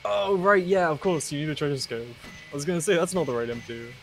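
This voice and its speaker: A man's voice: fairly high pitch, expressive, fast, creaky, faint music behind. A man co-commentating a live speedrun match, laying out the strategic options for each player. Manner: analytical, points out options and strategy.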